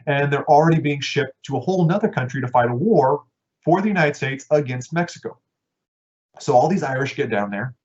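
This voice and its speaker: A man giving a casual history lecture, talking conversationally and voicing people's thoughts in quick asides. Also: medium pitch. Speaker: history teacher. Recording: dull lo-fi recording.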